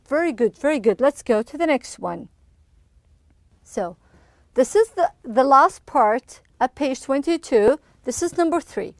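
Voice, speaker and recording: A woman teaching English to young children in an online lesson, slow and encouraging, with frequent praise. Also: high-pitched, animated, no room sound, studio quality.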